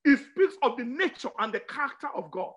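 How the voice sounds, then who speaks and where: Fairly quick and full of big pitch swings, this preacher's sermon repeats words and phrases emphatically, with sudden jumps in loudness and pitch.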